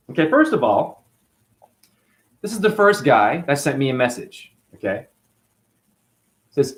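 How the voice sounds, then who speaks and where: A man's voice: medium pitch, sing-song, unhurried, pauses often. A man hosting his own channel, delivering a combative, mocking, profane rant to camera. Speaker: channel host. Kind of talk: profane ranting monologue to camera.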